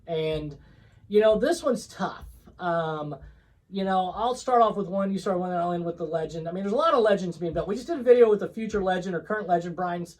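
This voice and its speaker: A man's voice: high-pitched, brisk, rough recording. A man co-hosting a casual vlog chat, telling work stories with lots of ums and restarts. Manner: rambling, many fillers and restarts. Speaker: co-host.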